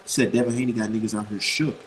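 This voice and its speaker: A man's voice: fairly low pitch, flat delivery, fast, slight background noise, low-quality recording. A man giving casual boxing opinions in a blunt, profane, rambling way, repeating his points for emphasis. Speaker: boxing commentator.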